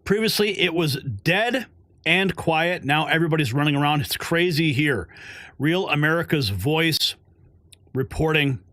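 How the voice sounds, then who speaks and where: A man's voice: a little high, animated, unhurried, fairly bright tone, no room sound, studio quality. A man hosting a news show with emphatic, promo-style delivery. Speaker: show host.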